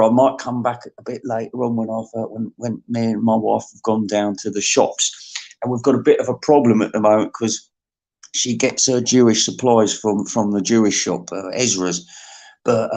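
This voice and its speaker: A man's voice: on the low side, a little mellow. Rambling, mock-emotional man. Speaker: comedy podcast host. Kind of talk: rambling comic monologue.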